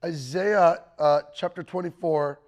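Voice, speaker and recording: A man's voice: a little high, a little slow, darkish tone. A man teaching the Bible about the end times to a live group, talking conversationally and checking in with his listeners. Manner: conversational, checks in with the room, quotes scripture with rising emphasis. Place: teaching room with a live audience.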